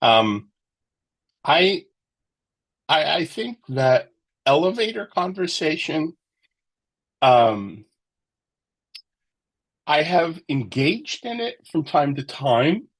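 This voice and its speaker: A man's voice: a little high, big pitch swings, drawn-out words, long pauses. A man sharing his thoughts in a casual book club discussion, reflective and rambling.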